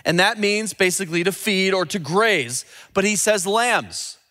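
A man preaching a sermon as a pastor, teaching earnestly and dropping low and slow when he quotes scripture. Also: sharp tone. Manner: repeats and restarts words when building a point.

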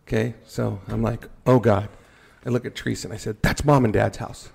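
A man telling a firefighting story in a casual podcast chat, animated and joking at his own expense. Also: lowish voice, fast, gravelly, husky. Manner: animated, acts out his own panicked thoughts, jokes at himself.

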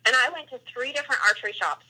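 A woman's voice: high-pitched, rapid-fire, breathy edge, poor audio. A woman guest telling a hunting story in a casual interview, acting out what each person said. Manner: animated, acts out quoted dialogue.

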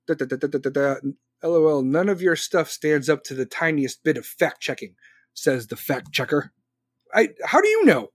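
A man's voice: high voice, no room sound, clean studio sound. A man hosting a casual live stream, reading viewer comments aloud and answering them with sarcastic, argumentative commentary on his phone. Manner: argumentative, sarcastic, talks back to chat. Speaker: podcast host live-streaming.

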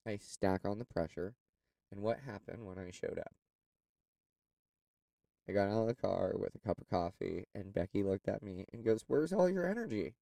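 A man's voice: deep voice, steady tone, normal speed, vocal fry, long pauses, dark tone, no echo, distant mic, low-quality recording. A man telling a personal story in a candid, rambling way, with plenty of fillers. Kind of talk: personal reflective monologue.

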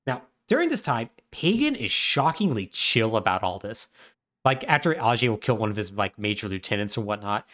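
A man's voice: lowish voice, big pitch swings, fairly quick, a bit bright. A man co-hosting a podcast, casually retelling a story with wry humor and lots of fillers. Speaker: podcast co-host. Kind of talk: casual chat recapping a video game plot.

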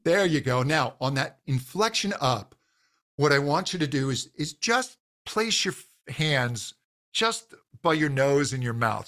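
A man's voice: mid-range voice, a bit bright. A man, a voice coach guest on a podcast, patiently explaining how the voice works and demonstrating exercises.

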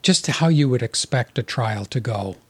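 A man with a slightly husky voice talks through an old film with a friend. He is relaxed and jokey, often trailing off mid-thought and restarting. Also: medium pitch, normal speed. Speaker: podcast co-host. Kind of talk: casual chat.

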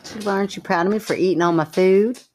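A woman's voice: mid-range voice, fast talker, darkish tone, a little hiss or hum. A woman co-hosting a casual podcast chat, laughing often and making fun of herself. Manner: self-deprecating, laughs often. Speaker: podcast co-host.

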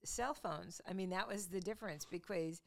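Chatty middle-aged woman, low voice. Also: normal speed, gravelly. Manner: chatty storyteller, self-mocking, laughs often. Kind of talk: casual chat.

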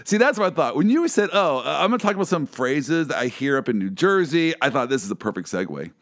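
Animated man hosting with lively pitch. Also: fast. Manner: animated storyteller who laughs often. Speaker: host, lawyer. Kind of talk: casual chat and anecdote.

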